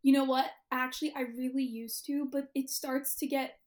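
Young woman, high voice, casual podcast chat, rambly, eating as she talks. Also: level tone, moderate pace, a little mellow. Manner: chatty, filler-heavy, laughs often. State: eating while talking. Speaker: podcast co-host.

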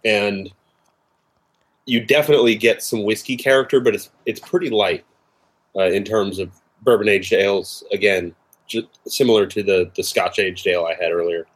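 Co-host, man, low and husky, halting and filler-heavy, talks over a video call. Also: steady tone. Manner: hesitant, many fillers and restarts, explanatory. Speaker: co-host of a drinks tasting show. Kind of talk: casual chat.

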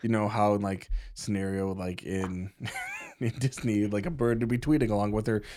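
A man's voice: fairly low pitch, steady tone, moderate pace, a little mellow, slight background noise. A man acting as game master for a tabletop role-playing game, narrating with a jokey, teasing manner.

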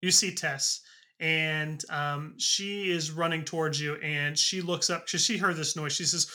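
A man narrating as game master of a tabletop game, halting with frequent ums and uhs. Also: fairly high pitch, fairly even intonation, sharp tone.

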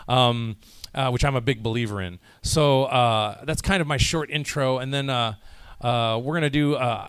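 This clip is a dry recording of a man with a clean, medium-pitched voice. He's a voice actor appearing as a convention panel guest, jet-lagged and weary, chatting loosely with the audience in the panel room, joking and rambling through many false starts.

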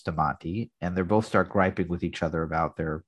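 A man's voice: deep voice, brisk, fairly bright tone, slightly rough. A man co-hosting a podcast, casually recapping a sitcom episode and reading its lines. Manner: narrates scenes plainly, reads quotes. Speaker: podcast co-host.

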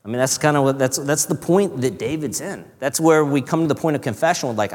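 A man preaching a sermon in an earnest, conversational way, sometimes dropping to a hush. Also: mid-range voice, fast talker, few pauses. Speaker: pastor. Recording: reverberant hall.

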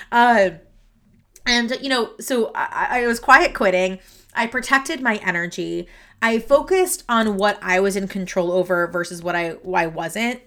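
A woman's voice: medium pitch, bright, forceful tone. Chatty, emotional woman podcast host. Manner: chatty, many fillers and restarts, laughs often. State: emotional, teary and sniffly. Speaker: podcast host and career coach. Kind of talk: casual solo podcast monologue. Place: her office, alone.

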